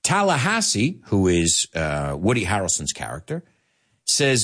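A man teaching English to Spanish speakers, animated, explaining and repeating words as he goes. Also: lowish voice, measured pace, husky. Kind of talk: bilingual language lesson.

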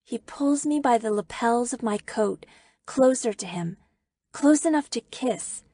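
A woman reads a first-person novel aloud at an unhurried pace, her voice catching a gravelly fry now and then. She tells it expressively, and the recording is close and dry, with no room sound. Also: a little high, expressive, warm tone, dry recording. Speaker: audiobook narrator. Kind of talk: first-person audiobook narration.

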